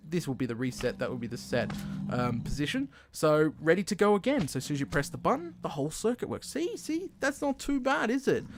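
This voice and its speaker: A man with an Australian accent giving casual, chatty commentary over his own gameplay as a video host, excitable and self-deprecating. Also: sits high, noisy background.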